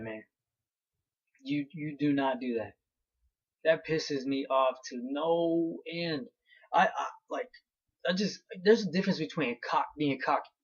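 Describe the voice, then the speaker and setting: A man's voice: on the high side, slightly rough, highs cut off. A young man ranting heatedly through a fight recap, blunt and profane. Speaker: vlogger.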